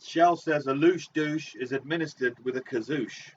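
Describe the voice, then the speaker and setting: A man's voice: on the high side, moderate pace. A man hosting a comic bingo game, drawing out names theatrically and swearing in asides. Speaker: bingo host. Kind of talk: comic live-stream bingo calling. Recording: dull distant mic with faint noise.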